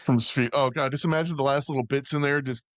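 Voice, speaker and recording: A man chatting loosely about a movie, stringing thoughts together with filler words and swearing. His pitch is average for a man. The recording is dry and close-miked. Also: steady tone, fast, no room sound. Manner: rambling, full of "like" and swearing. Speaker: movie podcast co-host. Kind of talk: casual movie chat.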